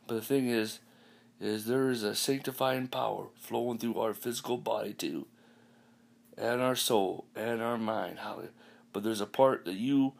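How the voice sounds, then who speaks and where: A man preaching a podcast sermon, repeating lines and dropping in hallelujahs and amens, often halting with ums and restarts. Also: fairly low pitch, creaky. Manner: repetitive, peppered with hallelujahs and amens.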